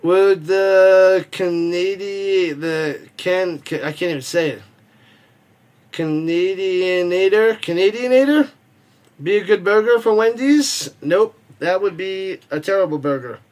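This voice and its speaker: A man with a notably high-pitched voice hosts a live football watch party stream. He rambles casually, cracks jokes, and reads viewer comments aloud between quick play-by-play calls. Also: darkish tone.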